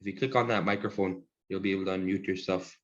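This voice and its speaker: A man teaching a language lesson over a video call, relaxed and encouraging, laughing often. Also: sits low, fast talker, highs cut off.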